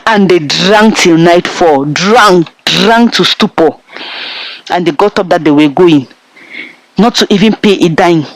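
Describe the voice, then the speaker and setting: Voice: mid-range voice, a little slow, no echo, poor audio. A Nigerian-accented film reviewer giving an emphatic, repetitive plot recap and talking straight to viewers. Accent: Nigerian English. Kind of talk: casual plot recap with commentary.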